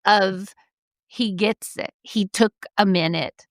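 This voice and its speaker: A middle-aged woman co-hosting a podcast, telling a story in a casual, animated way and acting out the people in it. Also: mid-range voice, takes it slowly, no echo, studio quality. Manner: animated storyteller, quotes people in lively voices. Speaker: podcast co-host.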